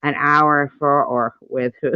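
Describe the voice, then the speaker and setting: A woman's voice: low-pitched, fairly even intonation, slow pace, clear, resonant tone, no echo. A woman hosting a livestream in casual chat, rambling and laughing often. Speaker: livestream host. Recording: muffled dry livestream audio.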